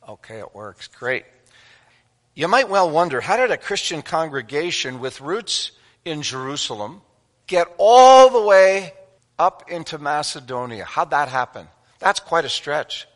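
A man's voice: medium pitch, sharp tone. A man preaching a sermon as pastor, conversational and asking the congregation questions. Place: church sanctuary. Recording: long hall reverb.

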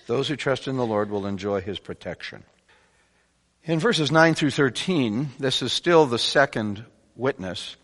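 A man preaching a sermon to his congregation, animated, swinging between loud emphatic bursts and quiet asides. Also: on the high side. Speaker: pastor. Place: church sanctuary. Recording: long church hall reverb.

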